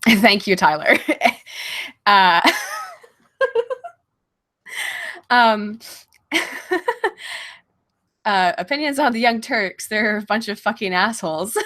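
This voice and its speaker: Brief: lively, blunt woman streamer, swears freely, laughs a lot, casual Q&A at home on a desk mic. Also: mid-range voice, drawn-out words, long pauses. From Virginia and Baltimore. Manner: blunt, profane, laughing often. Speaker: streamer answering viewer questions. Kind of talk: casual livestream Q&A.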